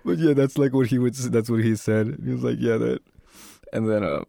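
A young man chatting casually on a podcast, retelling stories in an animated way with lots of fillers. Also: medium pitch, a little fast, gravelly, no echo. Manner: animated retelling with quoted voices, many fillers. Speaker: podcast co-host. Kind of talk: casual chat.

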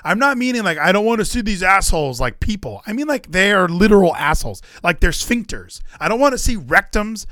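Animated joking male podcast host. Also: sits high, a little fast, hardly any pauses, dry recording, studio quality. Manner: rambling, joking asides and running gags; animated, ranting bursts. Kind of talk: casual chat.

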